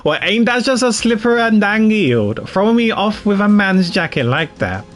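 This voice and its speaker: A man voicing a folksy, nosy Southern woman, reading her game lines slowly in a put-on drawl. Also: high voice, big pitch swings, a bit bright, faint music behind, voice pushed up. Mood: surprised. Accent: put-on American Southern. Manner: drawling, slow, folksy slang.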